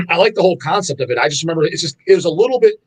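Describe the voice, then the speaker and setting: A man guesting on a podcast from a record label, chatting casually in an animated, profane way and acting out his own reactions. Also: fairly high pitch, racing, husky. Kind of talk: casual chat.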